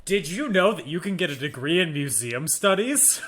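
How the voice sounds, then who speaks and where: A man's voice: a little high, very animated, moderate pace, fairly bright tone, slightly rough. A young man co-hosting a podcast, reading notes aloud with dry, playful asides. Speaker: podcast co-host. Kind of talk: casual chat.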